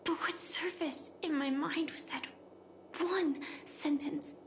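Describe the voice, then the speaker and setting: An actress playing a gentle, composed young woman with a soft, earnest voice, recorded as game voice acting. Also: sits high, steady tone, slow, a little hiss or hum.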